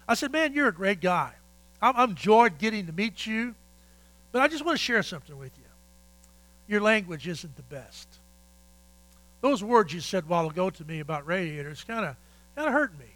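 An older man, a pastor, telling folksy stories in a sermon with animated, repetitive phrasing. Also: high voice, low-quality recording. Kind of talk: sermon storytelling.

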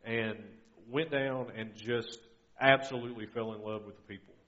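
A man's voice: mid-range voice, fairly even intonation, moderate pace, fairly bright tone, muffled recording. A middle-aged man giving a guest sermon in an earnest, conversational way, often restarting his sentences. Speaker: guest preacher.

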